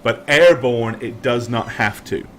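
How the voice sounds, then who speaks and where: A young man running a tabletop game as game master, narrating in vivid, drawn-out descriptions with frequent ums. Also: medium pitch, fairly bright tone, slight background noise.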